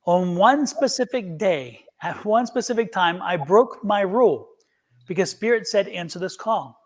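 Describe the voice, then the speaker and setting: His voice is high-pitched and his pace measured as this tarot reader and show guest chats loosely on a live stream. He's an animated storyteller, wandering through an anecdote and voicing both sides of each conversation himself.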